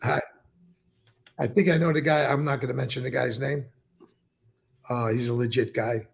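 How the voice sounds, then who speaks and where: A man's voice: mid-range voice, fairly even intonation, normal speed. An older man, a former mob member telling stories in an interview and acting out what others said. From New York. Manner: gravelly, profane, tells stories acting out quotes. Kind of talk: conversational interview.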